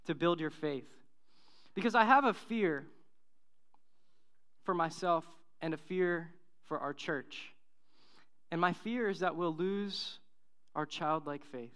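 A man's voice: a little high, fairly bright tone, clean tone. A young man preaching a sermon as pastor, casual and upbeat with the congregation.

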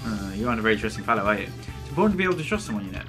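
A man's voice: fairly low pitch, big pitch swings, very fast, over music. A man voicing a boastful male dragon boss who speaks in a mocking, theatrical way. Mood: sly.

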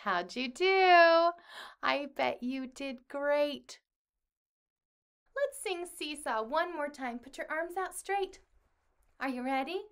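A woman's voice: high voice, expressive, slow pace, pauses often, fairly bright tone. A woman music teacher leading young children through a clapping lesson online, speaking the rhythm syllables and singing along with them. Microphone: computer mic at a desk.

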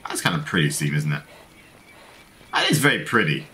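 Jokey gamer guy chatting over gameplay, bouncy voice, pretty bright tone. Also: extremely low pitch, sing-song, brisk. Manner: chatty, jokey, reads in-game choices aloud. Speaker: let's play host. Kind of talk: casual gameplay commentary.

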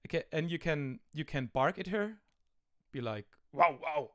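A man with a German accent chatting through a retro game on an online call, his voice a bit higher than most men's. He rambles with lots of fillers and an amused, joking tone. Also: animated, moderate pace. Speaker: host. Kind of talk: casual game commentary.

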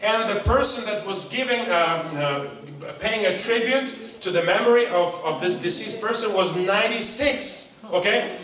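A man preaching at a seminar, animated, breaking into loud mock calls and quizzing his audience. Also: sits high, moderate pace, hardly any pauses. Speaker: seminar speaker. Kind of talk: sermon. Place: hotel hall. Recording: very echoey hall, mic far off.

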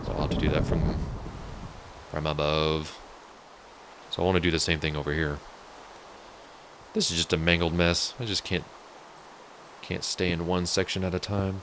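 A man's voice: deep voice, fairly even intonation, normal speed, long pauses, noisy background. A man casually talking through his game build, chatty and joking with viewers. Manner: chatty, jokey, talks to viewers. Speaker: let's play host. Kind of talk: casual gameplay commentary.

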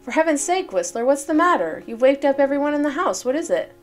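A woman reading the lines of an excitable male host, delivering them as raised, hurried exclamations. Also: sits high, faint music behind, pitched above the performer's own voice. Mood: alarmed.

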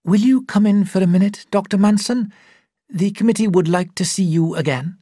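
A reader voicing a formal male committee secretary who speaks in a measured, official way, in a slow and slightly husky tone. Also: medium pitch, animated, darkish tone, dry recording, clean studio sound, pitched above the performer's own voice.

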